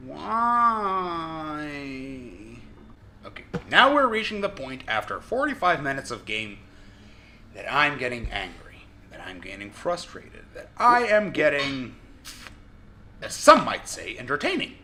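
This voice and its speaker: A man commenting on his own gameplay, shouting and swearing in frustration between joking asides. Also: medium pitch, huge pitch swings, normal speed, slight background noise. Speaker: gaming video host. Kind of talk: let's play commentary.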